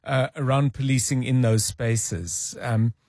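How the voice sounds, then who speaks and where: A man's voice: mid-range voice, fairly even intonation, measured pace, darkish tone, no echo, studio quality. A man hosting a live radio talk show, musing on listener views and reading out links with some restarts.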